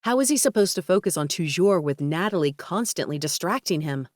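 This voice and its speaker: Woman reading a romance audiobook, lowish voice, super dry close mic. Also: expressive, fairly quick, few pauses, darkish tone, no room sound. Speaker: audiobook narrator. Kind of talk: scripted narration.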